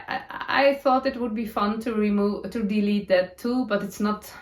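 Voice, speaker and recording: A woman with a Dutch accent, a native Dutch speaker, chatting casually as a knitting podcast host, with many fillers, pauses and giggles. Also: medium pitch. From Netherlands. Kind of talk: casual chat showing her knitting gear. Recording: roomy echo.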